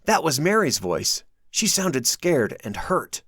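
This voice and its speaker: Slow and sing-song, a slightly high, fairly bright male voice carries this first-person audiobook, which the author narrates expressively from his own novel. The studio sound is clean, with no echo.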